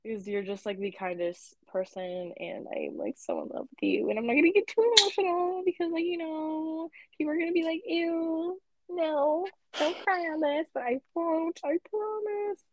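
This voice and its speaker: A woman's voice: high voice, very animated, a little fast, few pauses. A young woman guest in casual chat, gushing, emotional and playful as she talks about her friend. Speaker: podcast guest.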